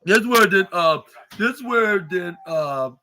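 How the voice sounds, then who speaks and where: A man hosts a podcast and recaps a wrestling show in a casual, rambling way, stumbling over fillers and restarts. His voice sits high and has a bright edge. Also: animated, slow.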